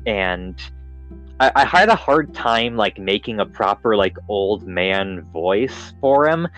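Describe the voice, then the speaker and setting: Young man, podcast host, casual chat, rambling, fillers, lowish voice, faint background music. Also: lively intonation, slow, fairly bright tone, rough recording. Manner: rambling, many fillers and restarts.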